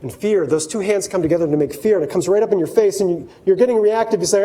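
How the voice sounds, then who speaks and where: A man with a notably high voice gives a keynote talk to a workplace audience. He addresses the listeners directly and slips into little acted-out voices when he quotes people. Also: fast talker, few pauses, poor audio. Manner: lively, acts out quoted voices, talks straight to the audience. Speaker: keynote speaker.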